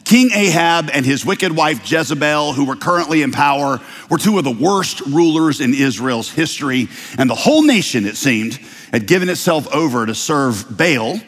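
A man preaching a sermon, telling a story with lively, playful asides. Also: medium pitch, moderate pace, big-room sound. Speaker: pastor.

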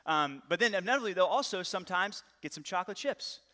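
A man in his thirties preaching a sermon in a fairly high, bright voice. He keeps it lively and conversational, with jokes along the way. His voice rings out in a long reverb that fills the hall. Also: fast talker. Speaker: pastor.

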